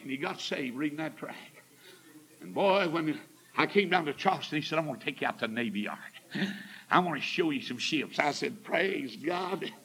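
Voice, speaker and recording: An older preacher telling a story from the pulpit in a folksy, emphatic way. His voice sits high for a man, and he builds to fervent shouts. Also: husky, low-quality recording. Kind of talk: storytelling sermon.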